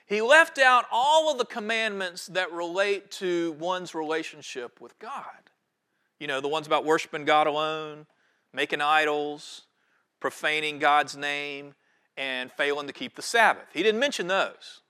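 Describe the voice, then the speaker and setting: Male pastor, fairly high, bright tone, animated sermon delivery. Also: unhurried, smooth. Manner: animated storytelling with a reverent scripture reading.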